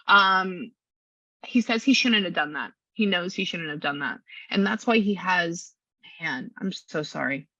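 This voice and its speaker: Bright-voiced woman medium, casual and chatty in a reading, dry close audio that is slightly dull. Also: on the low side, a little slow, no echo. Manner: chatty, animated, relays a spirit's words in quotes. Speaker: spiritual medium. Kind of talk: casual reading session with a client.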